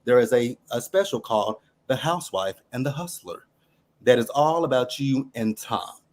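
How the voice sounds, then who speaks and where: A man's voice: mid-range voice, expressive, moderate pace. A man calling in to a talk show, chatting casually and making his points emphatically with a string of rhetorical questions. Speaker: caller. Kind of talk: casual chat.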